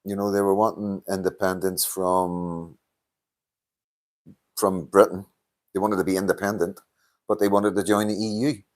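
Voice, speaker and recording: Northern Irish man, deep voice, hosting a casual live stream; blunt, swears freely, quick to laugh. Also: little pitch movement. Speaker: livestream host reading chat.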